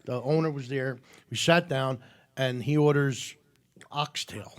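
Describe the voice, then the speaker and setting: A man's voice: medium pitch, a little slow, clear, resonant tone. A man hosting a casual talk show, telling rambling anecdotes with many fillers and restarts. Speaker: host.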